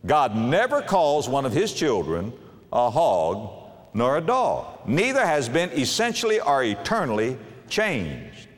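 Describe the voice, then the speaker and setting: A man in his fifties delivers a sermon, his pitch rising and falling with lively animation as he tells a folksy parable. His voice rings out with a long reverb, as in a large church hall. He slips in and out of character voices while teaching. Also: measured pace. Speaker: preacher. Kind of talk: sermon with acted-out story.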